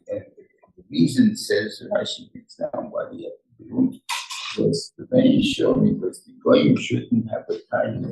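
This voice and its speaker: Older rabbi guy rambling through a torah class, gravelly low voice, sounds far off in a roomy hall. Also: dark tone. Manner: rambling, halting, many restarts and fillers. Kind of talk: informal Torah lecture. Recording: echoey room, voice far from the mic.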